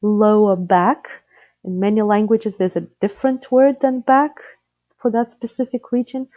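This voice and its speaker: A woman's voice: mid-range voice, steady tone, moderate pace, no echo. A woman who grew up speaking Russian leads a live interpreter-training webinar, talking through skills in a practical way, with many fillers and self-corrections along the way. Her voice comes through dull and lo-fi, as typical webinar audio. The sound is dry, with no room around it. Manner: instructive, practical, with frequent fillers and restarts.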